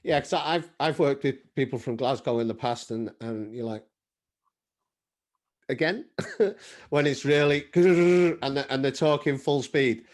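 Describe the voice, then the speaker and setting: A man's voice: moderate pace, darkish tone. A man from North Wales with a northern English accent and a Scouse twang, hosting a casual podcast interview, chatty and asking questions. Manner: chatty, asks questions with rising pitch. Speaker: podcast host.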